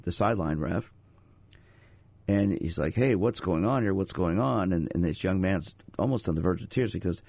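A middle-aged man with a lowish voice hosts a radio talk show as a sports psychologist. He speaks in a conversational, storytelling way and asks the audience rhetorical questions. The studio sound is dry and close. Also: darkish tone, no echo. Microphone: studio microphone.

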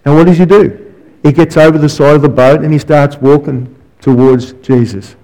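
A man's voice: a little high, normal speed, mellow, low-quality recording. A man preaching as a guest speaker and counsellor, telling stories with asides and rhetorical questions. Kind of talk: sermon.

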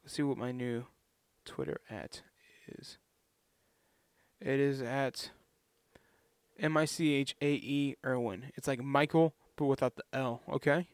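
Rambling young man, smooth dry voice. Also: medium pitch, steady tone, slow, no echo. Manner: rambling, chatty, self-deprecating. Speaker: vlogger. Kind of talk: casual rambling vlog.

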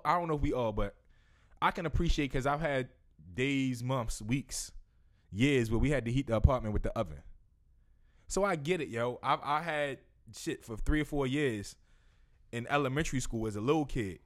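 A man ranting animatedly in casual podcast chat, self-interrupting and saying "yo" constantly. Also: medium pitch.

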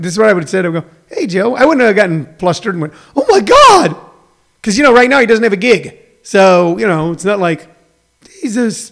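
Gravelly, high-pitched middle-aged man. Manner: chatty, digressive, folksy asides. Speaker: talk show host. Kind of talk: rambling monologue.

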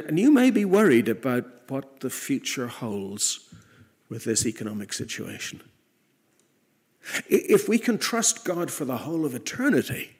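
Husky-voiced man preaching a sermon. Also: medium pitch. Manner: earnest, rising to emphatic peaks then dropping soft.

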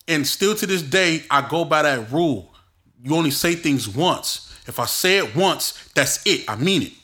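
A man hosting his own podcast, telling personal stories in an animated, expressive way and using casual street slang. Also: a little high, moderate pace. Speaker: podcast host. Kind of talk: casual solo podcast storytelling.

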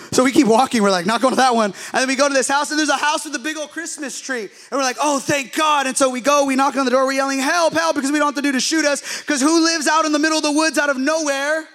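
A young adult man, a pastor, telling a funny story in a sermon with lively acted-out quotes. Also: extremely high pitch, racing, few pauses.

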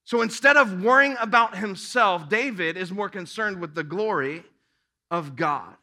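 A man's voice: sits high, a little slow, bright, forceful tone. A man preaching a sermon, reading scripture aloud and breaking off to exhort his listeners with rising emphasis. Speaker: pastor.

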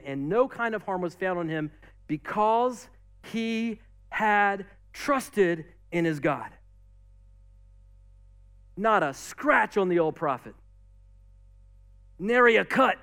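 High-voiced animated preacher man. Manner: animated preaching with casual asides and acted-out quotes. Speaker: pastor. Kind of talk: sermon.

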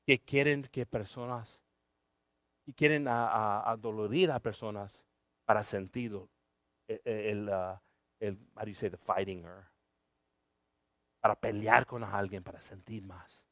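Bright-voiced preaching man, shouting then hushing. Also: fairly low pitch, moderate pace, pauses often, no room sound, clean studio sound. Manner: animated preaching, swings from shouting to near whisper; switches into Spanish for the congregation. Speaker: pastor. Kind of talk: sermon.

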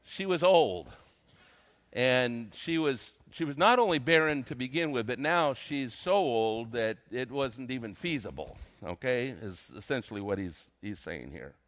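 An older man, a retired senior pastor, preaching a sermon, reading scripture slowly and acting out quotes between casual comments. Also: medium pitch, expressive, a bit bright. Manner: reads scripture slowly, then comments conversationally with dramatized quotes.

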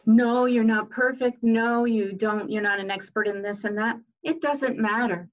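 Woman guest, earnest and unhurried, on lo-fi audio; inspirational talk with fillers. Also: a little high, fairly even intonation. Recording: dull lo-fi sound.

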